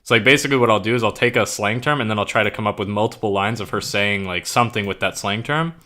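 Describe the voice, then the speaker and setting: A fast-talking young streamer with a lowish, bright, forceful voice chats casually as he writes. His talk is loose and profane, full of "like" and "bro," and he eagerly explains slang along the way.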